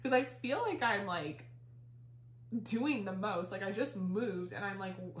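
Speaking a little slowly at medium pitch, a woman works through a tarot reading in a loose, meandering way, dropping fillers and casual curses. Her breath sounds slightly short all the way through, and the room echoes noticeably.

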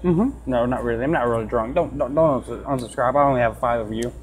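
A let's play gamer reads game dialogue aloud and jokes at his own expense in casual commentary. The voice is medium-pitched and fast.

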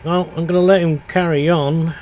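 A man's voice: fairly high pitch, steady tone, moderate pace, a little mellow, a little hiss or hum. An older man, chatting casually and telling rambling stories while he streams a farming game.

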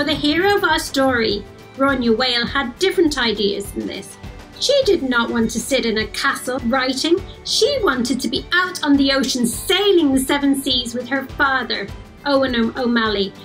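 A woman telling a folk story to children in a lively, expressive way, speaking straight to her listeners. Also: high-pitched, poor audio.

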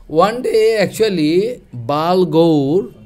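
Rich: A spiritual teacher tells a devotional story in a lively, somewhat high male voice. He speaks in halting, broken English, filling his pauses with "you know" and "I mean". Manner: animated, halting broken English, many fillers.

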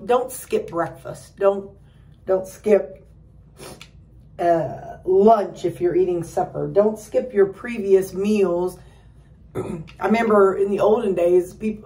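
A woman's voice: warm tone, distant mic. A middle-aged woman giving a rambling, casual pep talk to her viewers, full of fillers and restarts. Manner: acts out quoted relatives in a higher voice. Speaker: weight-loss vlogger.

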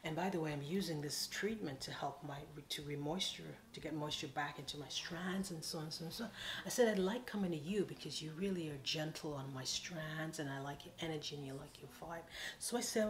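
A woman's voice: deep voice, brisk. A woman from the Caribbean telling a comic storytime, acting out dialogue with big swings and sudden whispers. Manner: animated, dramatic quoted voices, drops to whispers. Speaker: vlogger. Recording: echoey room with faint noise.

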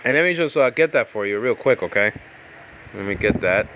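A man's voice: fairly low pitch, expressive, a little fast, background noise. A man teaching Bible Greek in a loose, rambling way, breaking off into tangents and laughing. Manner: rambling, self-interrupting, laughs often. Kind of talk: casual teaching talk with tangents.

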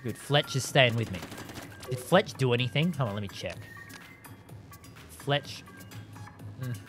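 A live game streamer giving excitable commentary while playing, laughing and taunting opponents and chatting with viewers. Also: medium pitch, unhurried. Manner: chats with viewers and thanks them. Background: game music.

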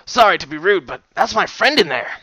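A man's voice: very animated, a little fast, bright, forceful tone, no echo, exaggerated voice. A man doing a blunt pegasus explorer woman. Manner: blunt, clipped, raised pitch. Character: bold female pegasus explorer, blunt and serious.

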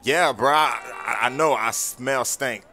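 A man narrating and voicing the lead in a game story video, excitable and slangy. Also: medium pitch, unhurried, a little hiss or hum. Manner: excitable, slangy, often yelling for help.

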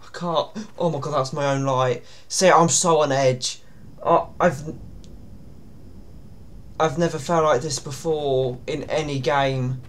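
A man's voice: a little high, fairly even intonation, slow, pauses often, a little hiss or hum. A man giving nervous, jumpy commentary while playing a horror game. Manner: jumpy, nervous, often pleading to himself. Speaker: gaming YouTuber.

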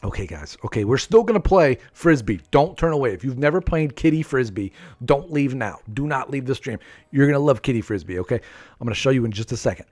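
A man in his thirties commentates his live game stream from home, talking fast in an expressive, mid-range voice with a darkish tone. Playful and chatty at his desk microphone, he laughs frequently and repeats himself.

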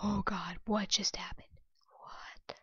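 A woman with a high voice talks through a video game at an unhurried pace, excitable and prone to sudden gasps and shrieks. The recording is dry and close, with a slightly dull tone. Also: dry recording. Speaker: gaming channel host. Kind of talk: casual gameplay commentary.

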